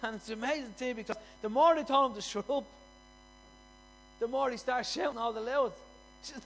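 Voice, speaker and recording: A man's voice: extremely high pitch, a little fast, fairly bright tone, soft background music, low-quality recording. A man preaching a sermon in a church, impassioned and repetitive, often building up to a raised voice.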